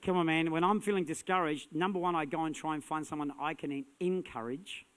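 Male pastor, sermon delivery, slightly high pitch, energetic and emphatic. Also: brisk, clear, resonant tone. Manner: energetic, punchy, rising to shouts.

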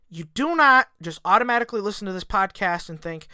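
A man's voice: high-pitched, animated, a little fast, few pauses, sharp tone, clear, resonant tone, dry recording, studio quality. A man hosting a solo podcast, talking in a rambling, emphatic way and swearing a lot. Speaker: podcast host. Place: home in Michigan. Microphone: desk podcast mic.

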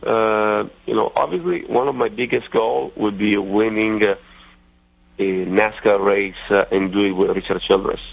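Man, Italian accent, middle-aged, gravelly low voice, halting with fillers, muffled radio sound. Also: fairly even intonation. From Italy. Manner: halting, many fillers and restarts. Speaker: racing driver guest. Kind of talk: radio interview.

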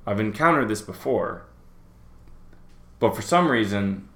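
A man co-hosts a casual podcast, speaking bluntly and sardonically and swearing a lot. His voice is lowish, expressive, and fairly bright, with a measured pace. The room has an echoey sound.

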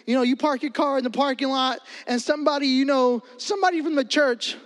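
A man preaching as a pastor, animated and joking in a conversational sermon. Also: very high voice, fairly quick. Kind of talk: energetic comedic sermon. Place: church hall. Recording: echoey hall.

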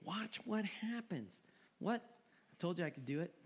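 A man preaching a sermon in an animated, joking way, often repeating words for emphasis. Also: high voice, unhurried, husky. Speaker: pastor.

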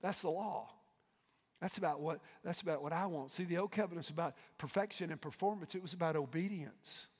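A male pastor preaching a fervent sermon in a large church auditorium. He swings from hushed asides to loud shouts and keeps asking the congregation to respond. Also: on the high side, brisk, slightly rough. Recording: long hall reverb.

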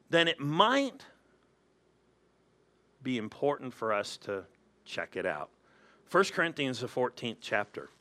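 A man preaching a sermon in church, animated and acting out quoted voices. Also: a little high. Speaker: pastor.

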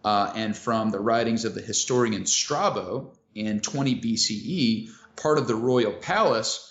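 A man's voice: lowish voice, measured pace, a bit bright. Casual man explaining history, roomy lo-fi sound. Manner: casual, many fillers, swears, laughs easily. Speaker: podcast co-host. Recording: roomy lo-fi audio.

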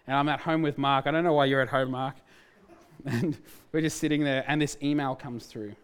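A man's voice: mid-range voice, fairly even intonation, brisk, clear, resonant tone. A man, a pastor, telling a candid personal testimony in a sermon, with restarts and self-mocking humor.

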